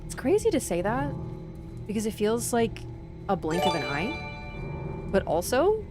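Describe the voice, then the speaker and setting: A woman's voice: on the high side, wildly swooping pitch, unhurried. Chatty woman streamer over game music. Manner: chatty and opinionated, talks straight to chat; sudden loud yelps at the game. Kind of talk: live gameplay commentary and chat reading.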